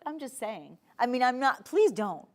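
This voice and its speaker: A woman's voice: on the high side, moderate pace. Chatty woman with a Jersey accent. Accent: New Jersey. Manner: animated, chatty, playful, emphatic. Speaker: shopping channel host. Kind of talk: live TV sales pitch. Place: TV studio.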